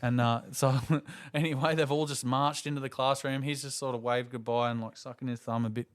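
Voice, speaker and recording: A smooth, medium-pitched voice at a fairly quick pace belongs to an Australian man in his thirties hosting a laid-back podcast. He tells funny stories with lively energy, imitating the voices of the people in them.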